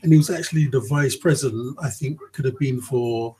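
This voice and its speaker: A man's voice: medium pitch, a little fast, dark tone, poor audio. A man vlogging in a rambling, casual commentary monologue, swearing freely and often checking in with the listener.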